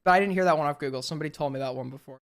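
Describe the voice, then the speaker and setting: A man hosting a live stream, telling jokes to his chat with slow, deadpan buildups and asking whether they landed. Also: a little high, very noisy. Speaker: streamer host. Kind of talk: casual stream joke-telling.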